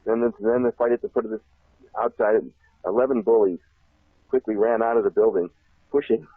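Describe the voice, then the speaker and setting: Male interview guest, low husky voice, animated rambling storyteller, phone-line audio. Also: fairly quick, no echo. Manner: laughs often, repeats himself, animated. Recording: tinny phone line, dry.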